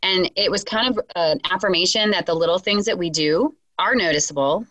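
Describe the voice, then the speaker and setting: A woman's voice: fairly low pitch, brisk, a bit bright, no room sound, low-quality recording. A woman educator talking thoughtfully and evenly about a book on a podcast. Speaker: educator, librarian. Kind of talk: casual book chat.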